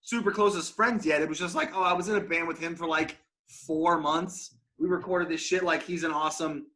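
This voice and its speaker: A man's voice: a little high, steady tone, brisk, pushed and bright. A man, a former band member, telling stories in a casual podcast chat, swearing and laughing along the way. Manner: storytelling, swears, laughs often.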